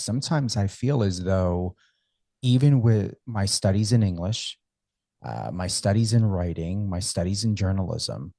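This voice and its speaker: A man's voice: lowish voice, dark tone, no room sound, studio quality. An American man hosting a radio interview, chatty and enthusiastic as he asks questions. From United States. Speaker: radio host.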